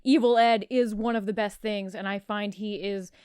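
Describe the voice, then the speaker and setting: A woman's voice: mid-range voice, fairly even intonation, moderate pace, a little mellow, clear, resonant tone, no echo, clean studio sound. A woman co-hosting a podcast in casual chat, talking with eager enthusiasm and swearing freely. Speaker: podcast co-host.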